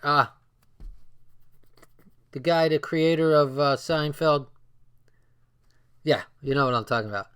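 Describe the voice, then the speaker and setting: A man's voice: a little high, measured pace, pauses often, a bit bright, clear, resonant tone. A man casually reading a book aloud and breaking off into loose, swearing asides. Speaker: book reader and commentator.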